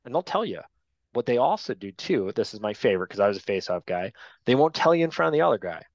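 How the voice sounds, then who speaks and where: A man's voice: mid-range voice, very animated, fast, no echo. Direct man training sports officials. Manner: direct, to-the-point, frequent tag "right?". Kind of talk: training class lecture. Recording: dull lo-fi dry sound.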